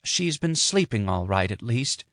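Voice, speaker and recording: Audiobook role: a hushed, sorrowful older mother, as a male reader puts her on, dry close sound. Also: medium pitch, big pitch swings, normal speed, dry recording, pitched above the performer's own voice.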